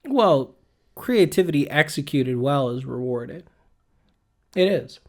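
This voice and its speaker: A man hosting a podcast in relaxed back-and-forth conversation. He teases his co-host with dry, quick comebacks. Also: mid-range voice. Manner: wry, teasing, quick comebacks. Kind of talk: casual chat.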